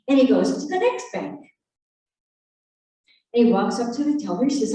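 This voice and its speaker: A woman minister giving a sermon with a guided meditation, speaking slowly and soothingly with reflective pauses. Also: a little high, big pitch swings, mellow. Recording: very echoey room, distant mic, faint music.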